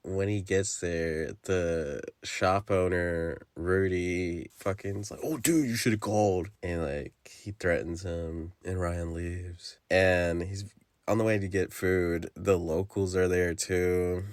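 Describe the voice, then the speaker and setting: A young man with a low, deep voice talks through a film plot on his podcast. He swears freely, rambles, and jumps into the characters' lines as he goes. The recording is dry and close to the mic. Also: steady tone, slow pace, clear, resonant tone, no echo. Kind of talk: casual spoken movie recap.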